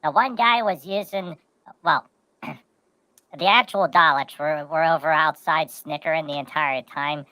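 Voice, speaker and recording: A man's voice: a little high, unhurried, sharp tone, clear, resonant tone, no echo, low-quality recording. A man co-hosting a casual podcast, telling rambling stories and repeating words as he goes. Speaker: podcast co-host. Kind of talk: casual chat.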